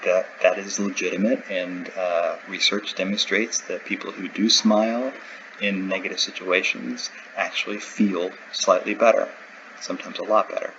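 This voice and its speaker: A man's voice: low-pitched, steady tone, normal speed, fairly bright tone, dull audio, a little hiss or hum. A man teaching a recorded lecture, explaining in a conversational way with everyday examples. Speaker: instructor.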